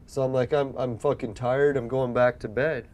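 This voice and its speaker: Young male gaming host, relaxed mellow voice, rambling storyteller, swears a lot. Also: medium pitch, normal speed. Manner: rambling, swears often, acts out his own past lines. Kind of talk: casual storytelling while playing a game.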